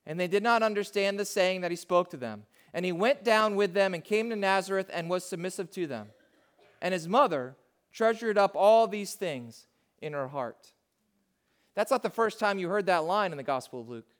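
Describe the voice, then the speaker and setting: A pastor with a notably high voice preaches a heartfelt, expressive sermon at a moderate pace, speaking to the congregation in personal, confessional terms. His delivery drops nearly to a hush before climbing back to full volume.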